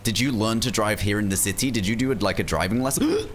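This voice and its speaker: A man streaming a role-play game, chatting in character and breaking into excited shrieks when startled. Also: fairly low pitch, fast talker, slight background noise.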